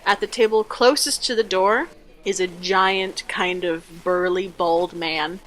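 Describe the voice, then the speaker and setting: A woman's voice: mid-range voice, fairly bright tone. A woman game master casually narrating a tabletop fantasy game, with fillers and light laughs.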